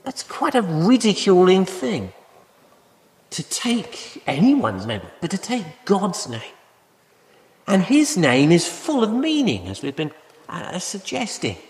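Male preacher, lively, pitched a bit high, conversational sermon full of rhetorical questions, church hall with a long echo. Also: takes it slowly. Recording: echoey hall with long reverb.

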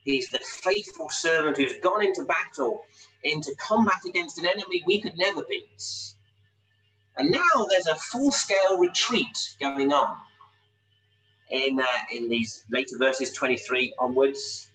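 Bright-voiced preacher, a bit off-mic. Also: male voice, a little high, far from the mic, low-quality recording. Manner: expository, rhetorical tag questions. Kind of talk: sermon. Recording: voice a little off-mic, faint hum.

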